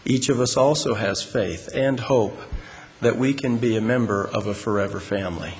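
Deliberate man preaching in a reverberant hall. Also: on the low side. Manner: measured, deliberate, emphatic. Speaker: religious speaker. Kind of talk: sermon to a congregation. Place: large hall with an audience. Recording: long hall reverb, faint room noise.

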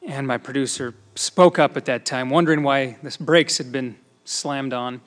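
A middle-aged man who used to be a news reporter, giving a church talk as a personal story, dropping to soft asides and rising to loud emphasis. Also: medium pitch, fairly even intonation, normal speed. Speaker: speaker at a church gathering, former TV news reporter. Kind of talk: sermon-style personal story.

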